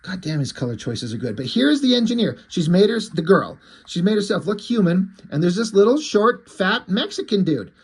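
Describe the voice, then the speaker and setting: Enthusiastic, profane comic reviewer, male, husky and somewhat high. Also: big pitch swings, moderate pace, hardly any pauses, poor audio. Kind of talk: casual review vlog.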